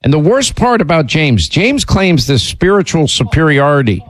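A middle-aged man hosts a radio show, chatting and storytelling in a loose, rambling way. His voice swings widely in pitch and leaps higher whenever he gets worked up. The studio sound is dry and close. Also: moderate pace, dry recording. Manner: animated, rambling, jumps up in pitch when indignant. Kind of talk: casual on-air storytelling.

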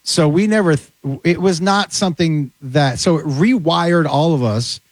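A man's voice: fairly high pitch, measured pace, no echo. A man telling comic stories in casual chat, acting out the voices of people he quotes. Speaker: comedian guest.

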